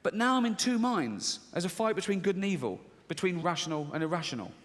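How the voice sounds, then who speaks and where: This middle-aged English stand-up comic speaks quickly in a high, expressive voice, voicing the chatter in his head and cracking himself up as he spins a story. It's a reverberant recording from a big comedy venue.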